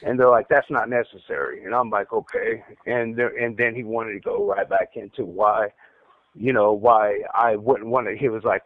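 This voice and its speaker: A man's voice: mid-range voice, moderate pace, no echo. A man telling his story over the phone, stuttering, repeating words and restarting his sentences. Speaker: caller recounting an interrogation. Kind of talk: casual phone account. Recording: tinny dry phone line.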